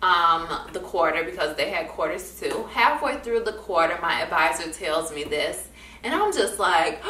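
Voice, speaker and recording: A woman's voice: on the low side, normal speed, slight background noise. A young woman vlogger telling a story in a casual chat, acting out the people she quotes. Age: young adult. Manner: animated, acts out quoted people in different voices. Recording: echoey room, voice from a distance.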